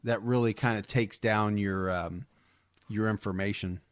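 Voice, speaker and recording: A man's voice: on the low side, fairly even intonation, unhurried, dry recording. A man co-hosting a podcast in casual chat, rambling and repeating words with enthusiasm. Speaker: podcast co-host.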